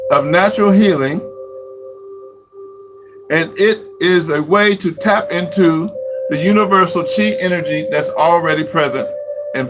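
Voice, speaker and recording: A man giving a slow, repetitive spiritual teaching talk as a Reiki teacher. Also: a little high, poor audio. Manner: slow, repetitive, chant-like phrasing. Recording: music playing behind.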